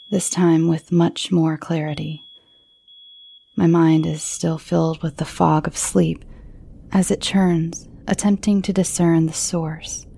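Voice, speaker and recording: A woman narrating horror stories in a hushed voice that often sinks into a whisper. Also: on the low side, creaky, slightly rough.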